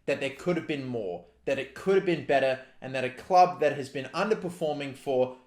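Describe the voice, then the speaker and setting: A man's voice: mid-range voice, brisk, darkish tone. A young Australian man with an Australian accent, ranting furiously with heavy swearing. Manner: furious, profane, heated ranting. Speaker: football fan vlogger. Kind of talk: angry rant to camera. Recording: roomy echo.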